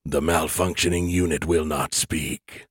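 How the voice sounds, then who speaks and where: Man voicing menacing alien beings, deep, slow, quiet, ominous, husky. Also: fairly even intonation, no room sound, studio quality, full character voice. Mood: contemptuous.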